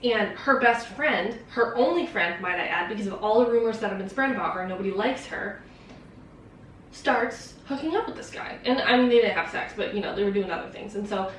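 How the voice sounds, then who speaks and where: A woman's voice: medium pitch, a little fast, a bit bright, a little hiss or hum. A young woman vlogger chatting casually about a book, rambling and swearing with lots of fillers. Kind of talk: casual chat. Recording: very echoey room, distant mic.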